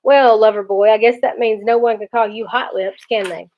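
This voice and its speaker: A woman's voice: a little high, fairly even intonation, moderate pace, natural voice. Brief: woman reading a joking storybook dad, amused and teasing. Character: teasing father in his thirties, always laughing. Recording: dull lo-fi recording.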